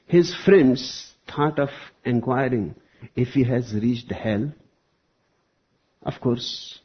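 A spiritual teacher delivers a slow, deliberate discourse with long pauses between phrases. His voice has a husky, breathy edge. The recording sounds dull and lo-fi. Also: medium pitch.

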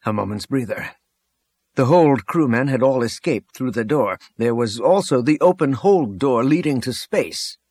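A man's voice: medium pitch, animated, normal speed, a little mellow, husky, dry recording. A man narrating an action novel as an audiobook reader, reading expressively and voicing the characters' dialogue. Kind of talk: scripted narration.

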